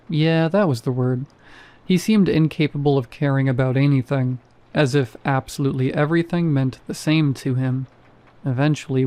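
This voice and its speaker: Mellow-voiced male horror narrator. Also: mid-range voice. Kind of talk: first-person horror story narration.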